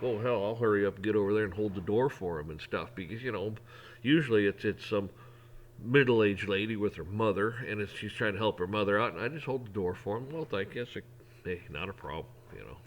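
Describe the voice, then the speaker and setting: A man's voice: on the low side, a bit bright. A middle-aged man talking in a casual, folksy way, rambling through an opinion monologue with frequent restarts. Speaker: vlogger.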